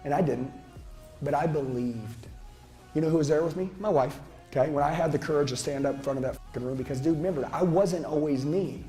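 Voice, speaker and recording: A man's voice: fairly high pitch, brisk, mellow, soft background music. A middle-aged man giving a profane, intense motivational seminar speech as a sales trainer, lecturing a live audience on a handheld mic.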